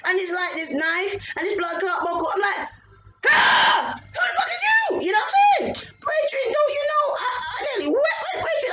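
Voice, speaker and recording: A middle-aged woman with a British accent, telling a personal story in a lively way, swearing and breaking into shouts. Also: high-pitched, low-quality recording. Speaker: vlogger.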